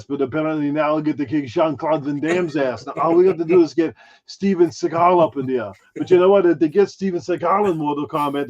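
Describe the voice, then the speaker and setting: A man's voice: sits high, creaky, breathy edge, dull audio, heavily acted. A man putting on the voice of a boastful action-movie star, bragging crudely while chatting on a podcast. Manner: brash, crude, self-promoting bragging. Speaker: guest impressionist. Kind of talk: podcast chat in character.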